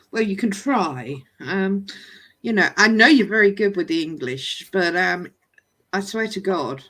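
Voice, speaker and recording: Woman co-host, lively and chatty, swooping intonation, keeps slipping into accent impressions. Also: mid-range voice. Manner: chatty, laughs often, mimics regional accents. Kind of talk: casual chat on a live stream.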